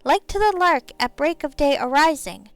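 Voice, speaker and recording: A woman's voice: high voice, expressive, normal speed, no room sound, low-quality recording. A woman voicing a tiny female pixie with a sing-song, theatrical delivery.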